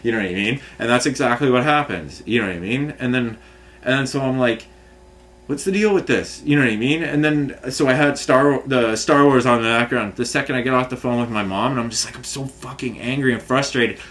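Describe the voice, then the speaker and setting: A man's voice: medium pitch, brisk, fairly bright tone, a little hiss or hum. A man venting in a rambling, agitated rant full of swearing and restarts. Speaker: vlogger. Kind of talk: frustrated rant to camera.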